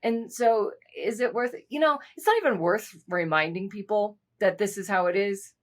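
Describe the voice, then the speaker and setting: A woman's voice: medium pitch, moderate pace. A woman co-hosting a podcast, chatting casually and candidly, with lots of asides. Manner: candid, talks through stories with frequent asides. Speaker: podcast co-host. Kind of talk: casual chat.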